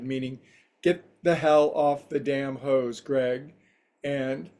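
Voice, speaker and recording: Gentle storytelling meditation teacher, a man. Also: mid-range voice. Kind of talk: spiritual talk to a livestream group.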